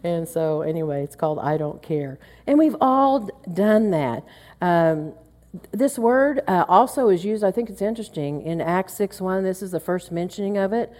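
A woman's voice: on the low side, lively intonation, normal speed, darkish tone. A middle-aged woman from Oklahoma teaching a women's Bible study, chatty and anecdotal, acting out little grumbles under her breath. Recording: long hall reverb.

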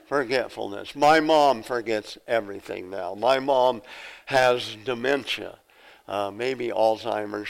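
Middle-aged male pastor, gravelly voice, folksy sermon, repeats words. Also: medium pitch, low-quality recording. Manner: folksy, repeats words when telling stories.

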